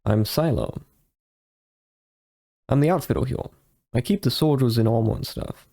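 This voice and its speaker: A man's voice: medium pitch, moderate pace, vocal fry, mellow, close to an everyday voice. A man reading aloud the lines of a burly male outfitter in armor, in a plain, matter-of-fact way. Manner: plain read-aloud delivery.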